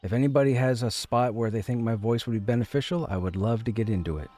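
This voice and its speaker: A man's voice: medium pitch, quick pace, warm tone, faint music behind. A man streaming a game from home, chatting casually and rambling, often repeating his phrases. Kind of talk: casual chat.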